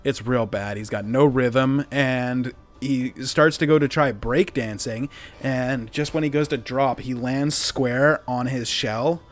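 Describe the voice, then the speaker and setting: A man's voice: medium pitch, slow, faint music behind. A man narrating as game master in a laid-back way with many fillers.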